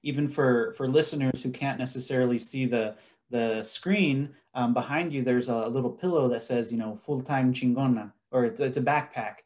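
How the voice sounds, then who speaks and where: A man's voice: medium pitch, moderate pace, a little mellow. A man hosting a podcast interview over a video call, asking long, rambling questions full of fillers.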